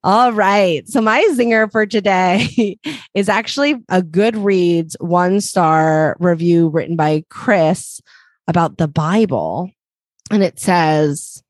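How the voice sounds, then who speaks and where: A woman's voice: lowish voice, slow, no echo. A woman co-hosting a comedy review podcast, chatty and giggly. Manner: giggly, animated. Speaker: podcast co-host. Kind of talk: casual comedic chat.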